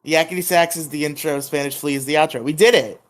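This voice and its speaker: A man's voice: a little high, fast talker. A man co-hosting a podcast in casual chat, laid-back and rambling, often chuckling. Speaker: podcast co-host.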